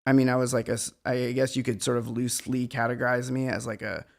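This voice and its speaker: Gravelly-voiced man musing aloud. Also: mid-range voice, level tone, quick pace. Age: middle-aged. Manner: meandering, reflective, self-deprecating. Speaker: guest musician. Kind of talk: casual conversation.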